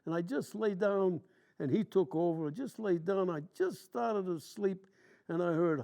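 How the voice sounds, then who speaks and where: A high, gravelly voice belongs to an elderly man in his nineties as he recounts old war memories in a plain, meandering way. His tone is dark and mellow, and his grammar is loose and everyday, like casual talk. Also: moderate pace. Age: 90s. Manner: plain, rambling storyteller with colloquial grammar. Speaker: WWII veteran interviewee. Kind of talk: telling war stories in an interview.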